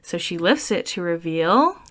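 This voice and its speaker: A woman co-hosts a podcast, walking through a film scene beat by beat. Her voice sits on the low side and she speaks slowly and unhurriedly. Her humor is dry and wry. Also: animated, a bit bright. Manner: dry, wry storytelling with acted-out quotes. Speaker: podcast co-host. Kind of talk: casual film recap chat.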